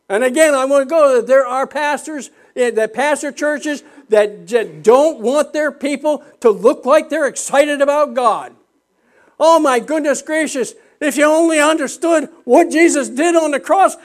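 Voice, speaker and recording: An older man preaching a sermon as pastor, fervent and rising to shouts, with restarts and self-mocking laughs. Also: very high voice, normal speed.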